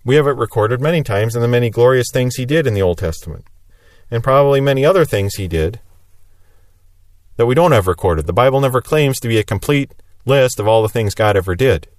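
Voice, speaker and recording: A man's voice: medium pitch, expressive, fairly quick, no room sound. Earnest male preacher, dry sound. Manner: earnest, explanatory, rising emphasis on repeated phrases. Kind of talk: sermon.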